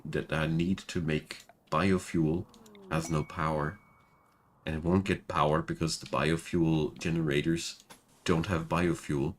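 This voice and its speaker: A man's voice: rumbling low, slight background noise. A man with a German accent, chatting casually while streaming a game and talking about it. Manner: chatty, laughs at himself. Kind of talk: casual gameplay commentary.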